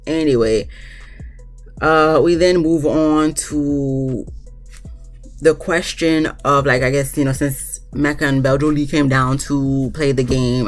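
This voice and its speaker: Casual recap talk, blunt, profane, mid-pitched voice, faint music underneath. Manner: blunt, profane, animated ranting; often acts out quotes of others. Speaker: TV show recap reviewer. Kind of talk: casual reality-show recap.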